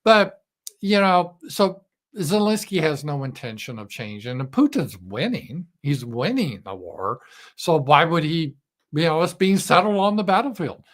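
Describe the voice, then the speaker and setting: A man's voice: fairly high pitch, big pitch swings, unhurried, fairly bright tone. Blunt, sarcastic male political livestreamer. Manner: blunt, sarcastic, crude asides. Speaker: show host.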